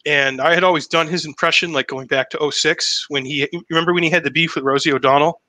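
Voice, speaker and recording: A chatty man in his thirties from Massachusetts who tells loose, profane stories. His voice is bright and a touch high for a man. The sound is close and dry, with no room around it. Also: steady tone, fast, no room sound, poor audio. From Massachusetts, USA. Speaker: impressionist guest. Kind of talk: casual podcast chat.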